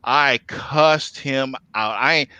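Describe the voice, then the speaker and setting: A man hosting a podcast, telling a story in a casual, profane, animated way. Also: medium pitch, drawn-out words, clean tone, dry recording, dull audio. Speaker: podcast host.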